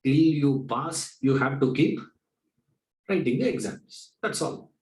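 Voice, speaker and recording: A man's voice: mid-range voice, expressive, slow, darkish tone, echoey room, low-quality recording. A man teaching a spiritual class, talking in a conversational way, asking rhetorical questions and acting out little dialogues. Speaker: Vedanta teacher. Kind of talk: spiritual discourse lecture.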